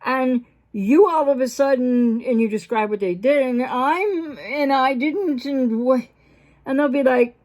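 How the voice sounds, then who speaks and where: High-voiced, animated woman explaining. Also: unhurried. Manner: animated, acts out quoted dialogue with big pitch jumps; rambling, with fillers and self-interruptions. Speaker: mental health professional; host of a breakup recovery channel. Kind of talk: unscripted talking-head explainer.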